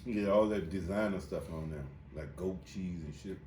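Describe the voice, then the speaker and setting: A man hosting a podcast in a loud, joking way, laughing a lot and swearing freely in casual chat. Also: deep voice, normal speed, slight background noise. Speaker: podcast host. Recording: echoey room, mic at a distance.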